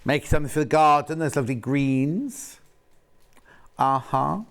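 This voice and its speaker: A man's voice: a little high, a little slow, clean tone. A man presenting fabrics on a live home-shopping show, chatting and rambling between asides as he reads out prices. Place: TV studio.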